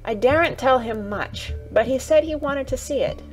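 A woman voicing an eager, curious young girl in an audiobook reading, her words crisp, with faint music behind. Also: high voice, normal speed, voice pushed up, natural voice.

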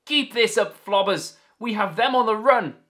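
A man's voice: fairly high pitch, sing-song, a little slow, bright, forceful tone, full character voice. A man voicing a bold old sea captain as he reads out his log, in a jolly, theatrical storybook style. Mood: roaring. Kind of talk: storybook reading.

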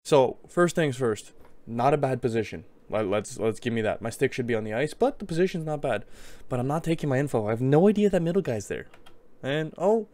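A man's voice: medium pitch, animated, brisk, a little mellow. A young man casually commenting on his own hockey game footage, mocking himself and joking as he goes.

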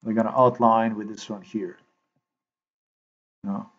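A man with a slightly low voice talks through a video edit, half to himself and half to his viewers. He loops back over phrases, stalls on fillers and repeats lines over and over. The recording sounds dull and lo-fi. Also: little pitch movement. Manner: repetitive, halting, thinks aloud with many fillers. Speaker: video maker. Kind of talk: rambling monologue while editing a video.

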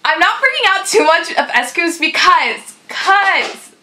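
A woman's voice: very high-pitched, very animated, unhurried, sharp tone, low-quality recording. Gushing young woman squealing over idols. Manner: gushing, squealing, breathless fangirling. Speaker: YouTube reaction host. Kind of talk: excited fan reaction vlog.

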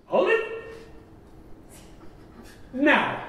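In a large conference hall, a man giving a plenary talk leads the audience through an energetic group voice warm-up, coaxing and theatrical and laughing often. His voice is very high-pitched and very slow. The recording comes from a far-off mic in a very echoey hall.

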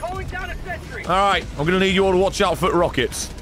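A man streaming a co-op shooter with friends, swearing, shouting and ranting in exasperation. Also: high-pitched, moderate pace. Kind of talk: loud excitable gaming banter. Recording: game music behind.

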